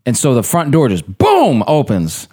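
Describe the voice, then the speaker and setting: A man who works as an actor, chatting casually on a podcast and telling stories in a relaxed, profane, animated way. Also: medium pitch, normal speed. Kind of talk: casual storytelling chat.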